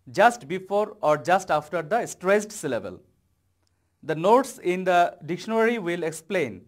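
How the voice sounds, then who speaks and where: A Bangladeshi man delivering a televised English lesson to students. His voice sits high for a man, and he talks at an unhurried, measured pace, punching out the important words. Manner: slow, deliberate explaining with stressed key words. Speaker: English teacher.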